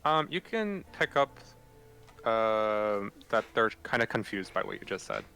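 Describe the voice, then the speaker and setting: A man's voice: on the low side, sing-song, unhurried, creaky, bright, forceful tone, soft background music. A man narrating as game master in a loose, casual way.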